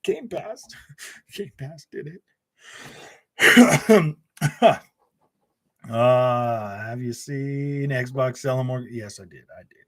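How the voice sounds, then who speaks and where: A man's voice: medium pitch, expressive, drawn-out words, long pauses, fairly bright tone. Sarcastic man streaming about games. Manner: sarcastic, mocking, says "man" and "bro" a lot. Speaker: gaming channel host. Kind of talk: casual live-stream chat.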